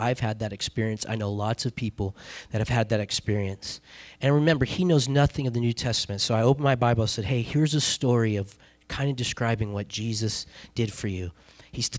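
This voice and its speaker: A man's voice: mid-range voice, no room sound. A male guest pastor telling a story in a sermon, chatty and casual, acting out the other people's lines. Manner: conversational, acts out quoted dialogue with laughs. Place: church sanctuary.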